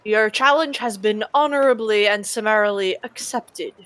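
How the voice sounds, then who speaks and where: A woman's voice: medium pitch, moderate pace, a bit bright. A woman playing her character in a tabletop game, polite and formal. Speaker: player.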